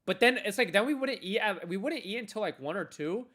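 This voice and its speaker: A man's voice: high voice, lively intonation, brisk, a bit bright. A young man chatting casually on his livestream, telling loose stories full of slang and swearing, calling everyone bro. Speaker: day-trading livestreamer.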